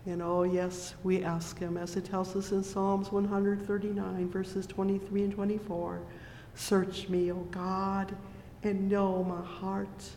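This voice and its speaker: Slow, steady preacher in an echoey hall. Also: medium pitch, slight background noise. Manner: punctuates with "oh, yes" and "praise the Lord"; reads scripture in King James wording. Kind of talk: sermon.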